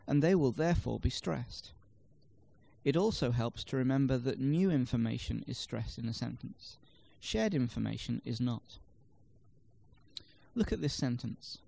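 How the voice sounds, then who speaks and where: A man reading scripted instructional narration for a language lesson, measured and explanatory, demonstrating word stress in example sentences. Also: mid-range voice, creaky, dark tone.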